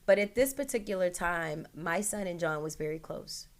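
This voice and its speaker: A woman's voice: fairly low pitch, moderate pace. A woman hosting her own show, telling an emotional personal story straight to her listeners with many "like" and "right?".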